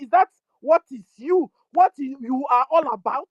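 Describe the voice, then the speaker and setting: A woman with a Nigerian accent giving an impassioned political address, scolding her listeners over and over and rising to shouts. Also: sits high, moderate pace, few pauses, no room sound, muffled recording. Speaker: activist speaker.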